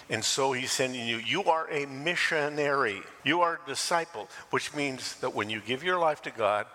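An older man preaching a sermon as pastor, lively and animated, acting out quoted voices and laughing now and then. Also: mid-range voice, long reverb tail.

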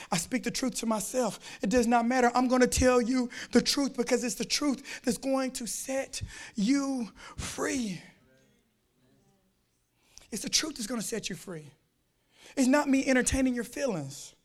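A man with a very high voice preaches a sermon. He repeats his phrases for weight and reads scripture slowly. His delivery swings between shouting and quiet intensity. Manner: quotes scripture slowly and deliberately.

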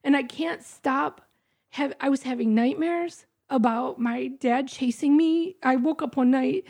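A woman's voice: high-pitched, a little slow, a little mellow. A middle-aged woman telling her personal story as a podcast guest, candid and emotional, often quoting her own past thoughts. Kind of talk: personal testimony interview.

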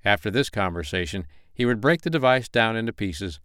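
A man narrating a romance novel as an audiobook in a steady, even reading voice, close to the mic. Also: lowish voice, a little fast, smooth, no room sound. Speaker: audiobook reader.

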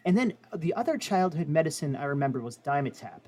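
A man's voice: a little high, big pitch swings, fast, a little mellow, a little hiss or hum. A man in his thirties co-hosting a casual talk show, rambling with many fillers. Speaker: co-host. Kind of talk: casual chat.

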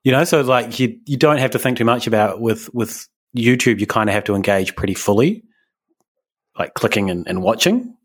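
A man's voice: medium pitch, animated, normal speed. A man co-hosting a casual podcast chat, rambling and hesitant, with lots of fillers and restarts. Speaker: podcast co-host.

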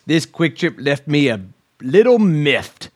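A man's voice: on the high side, expressive, normal speed, lightly acted. A man voicing a miffed female customer in a put-on accent, somewhere between British and Australian. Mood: prim. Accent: mock British-Australian, put on.

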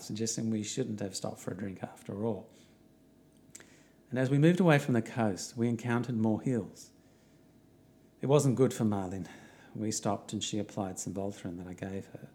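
A man's voice: medium pitch, brisk, darkish tone. A middle-aged Australian man narrating a walking trip diary in an easygoing, wry way.

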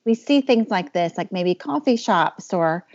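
A woman's voice: medium pitch, expressive, a little slow, a little mellow, dry recording. Thoughtful woman hosting a podcast. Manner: thoughtful, meandering phrasing with fillers. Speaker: podcast host. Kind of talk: interview questions, casual. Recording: dull, slightly muffled podcast audio.

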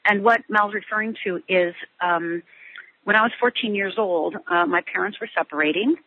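A middle-aged woman being interviewed, telling her personal story in a halting way with many restarts and fillers. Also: medium pitch, husky. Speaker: guest. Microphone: phone line. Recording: tinny phone line.

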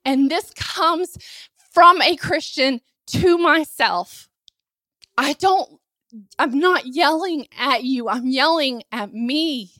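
A woman preaching a fervent sermon in a high, bright, piercing voice. She drives her points home with repeated lines and pointed rhetorical questions. The sound is close and dry. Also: slow pace, no room sound. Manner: impassioned, rising to near-shouting at climaxes; rhetorical questions and emphatic repetition.

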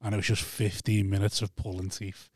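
Fast-talking Scouse comedian, dry sound. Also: male voice, fairly low pitch, little pitch movement, darkish tone, no echo. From Liverpool. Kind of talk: casual podcast chat.

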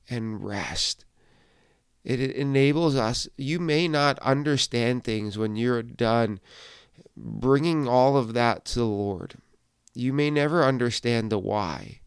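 A man's voice: mid-range voice, clean tone, dry recording, clean studio sound. A middle-aged male pastor speaking earnestly and encouragingly in a reflective devotional podcast talk.

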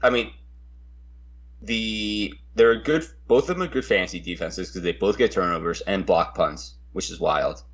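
Husky low-voiced man chatting sports. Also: normal speed, a bit bright, muffled recording. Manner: hesitant, repeats words when starting sentences. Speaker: podcast co-host. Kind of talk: casual sports chat.

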